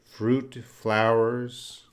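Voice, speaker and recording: A man's voice: medium pitch, little pitch movement, drawn-out words, smooth. A man from Canada, teaching live and answering viewers by name, patient and full of fillers and restarts. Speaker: English teacher. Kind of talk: live-streamed English lesson reading viewer chat. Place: indoor room at a desk with a board.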